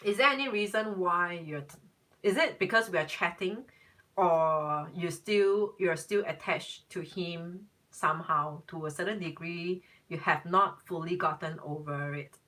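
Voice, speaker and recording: A woman's voice: on the low side, a little slow, a bit bright, far from the mic, poor audio. A young woman, a tarot reader, chatting casually on a live stream, emphatic and repeating herself.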